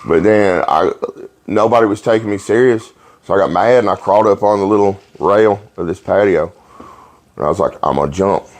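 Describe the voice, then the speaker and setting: A man hosting a podcast, telling rowdy stories in a profane, animated way and laughing along. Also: on the low side, fairly quick. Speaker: podcast host. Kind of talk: casual storytelling chat.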